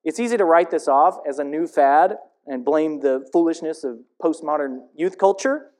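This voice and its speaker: A man's voice: a little high, darkish tone. A man who leads music at his church, preaching a sermon in an earnest, candid and confessional way.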